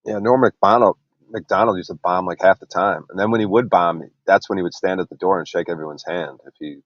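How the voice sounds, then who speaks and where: A man's voice: low voice, fast, no echo. A man who does comedy, chatting loosely on an online panel. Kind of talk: casual panel talk. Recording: dry, dull remote-call audio.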